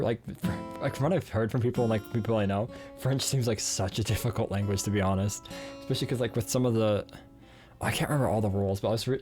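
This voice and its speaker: A man's voice: on the low side, a little mellow. A man streaming live, chatting casually and rambling with lots of fillers and self-corrections. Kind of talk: casual chat.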